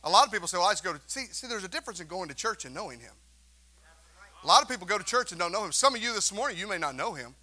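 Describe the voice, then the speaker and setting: Bright, high-pitched preaching man. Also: animated, racing. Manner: emphatic, call-and-response preaching. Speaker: pastor. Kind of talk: sermon. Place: church sanctuary.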